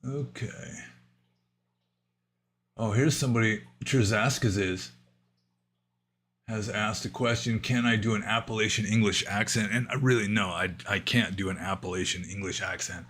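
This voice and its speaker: Low-pitched, bright-voiced man musing aloud. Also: steady tone, normal speed, long pauses. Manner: musing, thinking aloud with fillers and trailing asides. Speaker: Buddhist monk answering viewer questions. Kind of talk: livestream Q&A, casual explanation. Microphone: livestream microphone.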